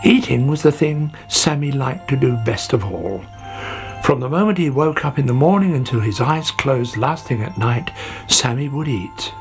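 A man narrating a children's story in an expressive, playful way. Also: medium pitch, normal speed, faint music behind.

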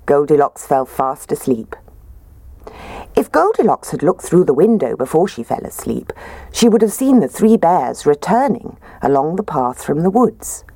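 A woman reading a children's story aloud in a gentle, expressive way. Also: deep voice, no room sound. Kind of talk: storybook narration.

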